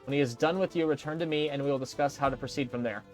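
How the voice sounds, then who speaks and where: A man's voice: fairly high pitch, very fast, soft background music, lightly acted. A man voicing a pompous colonial governor. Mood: imperious. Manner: pompous, commanding, scolding. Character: haughty, condescending male colonial governor.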